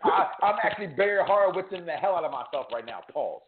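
A man hosting a sports betting show, joking and bantering, swinging from loud hype to low asides. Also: lively intonation, fast talker, crowd noise. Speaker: sports picks show host. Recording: echoey room over a tinny phone-like line.

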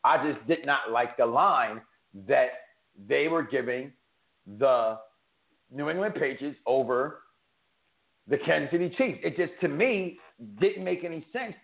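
A man hosting a sports betting show, joking and bantering, swinging from loud hype to low asides. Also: unhurried, creaky. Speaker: sports picks show host. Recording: echoey room over a tinny phone-like line.

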